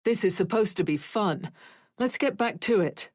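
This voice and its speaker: A woman's voice: medium pitch, lively intonation, normal speed, a little mellow, slightly rough, dry recording, studio quality. A woman voicing a brusque father who brushes off blame and turns defensive. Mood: dismissive. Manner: brusque, dismissive. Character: gruff British father, dismissive and defensive.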